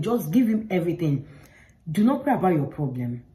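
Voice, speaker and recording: A woman's voice: fairly low pitch, big pitch swings, a little fast, mellow, rough recording. A woman talking straight to the camera, giving earnest, informal faith advice and repeating herself for emphasis. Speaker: faith vlogger.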